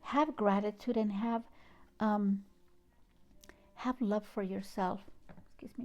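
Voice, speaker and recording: A woman with a foreign accent giving a gentle, heartfelt inspirational talk and reading a poem, with soft hushed asides. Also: mid-range voice, steady tone, slow, dull audio. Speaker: spiritual channel host.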